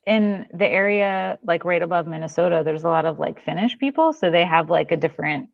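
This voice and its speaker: Gravelly woman from Florida, dull dry sound. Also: on the low side, brisk. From Florida, USA. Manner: giggly, easygoing. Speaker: podcast guest, muralist. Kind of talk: casual chat.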